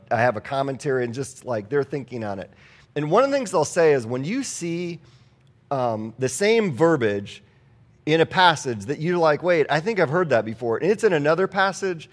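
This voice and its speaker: A man preaching a sermon in a conversational way, reading scripture aloud and asking the congregation rhetorical questions. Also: medium pitch. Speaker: pastor.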